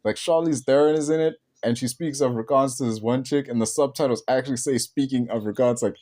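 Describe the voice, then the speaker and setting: A man's voice: mid-range voice, fairly quick, mellow. A man, a podcast host rambling casually about films with many fillers and restarts. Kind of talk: casual film talk.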